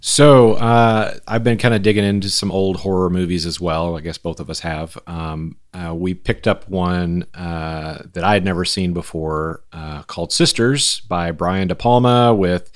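A man with a very low, deep voice, talking casually and wryly. He rambles a little and pokes fun at himself as he goes. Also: steady tone, measured pace, hardly any pauses. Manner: rambling, wry, self-deprecating. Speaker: podcast co-host. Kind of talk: casual chat.

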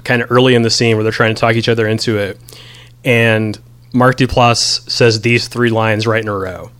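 A man's voice: fairly low pitch, little pitch movement, moderate pace, fairly bright tone, smooth. A man in a casual podcast conversation about a movie, talking with many ums and reading lines from his notes. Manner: rambling, many ums, reads quotes aloud. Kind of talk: casual film discussion.

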